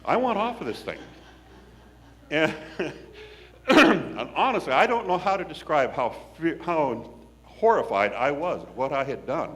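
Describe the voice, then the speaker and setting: Male storyteller, from the Pacific Northwest; wry, folksy, very animated delivery with a slightly raised pitch. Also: unhurried. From Washington State, US. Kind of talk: personal storytelling.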